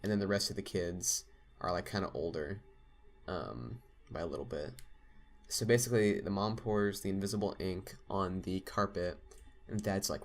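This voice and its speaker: A man's voice: sits low, normal speed. A young man telling a long story in casual podcast chat, rambling with lots of fillers. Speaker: podcast co-host.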